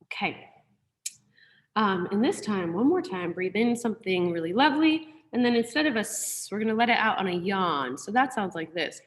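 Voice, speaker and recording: Brief: woman choir teacher, lively pitch, gentle and encouraging, video call audio with a long room echo. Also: normal speed. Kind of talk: online group singing lesson. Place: room with a piano.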